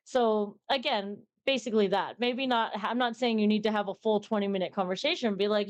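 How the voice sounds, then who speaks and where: A woman's voice: mid-range voice, fairly even intonation, brisk, hardly any pauses, smooth. A young woman streamer chatting casually in an interview, rambling and acting out little conversations in a lifted voice.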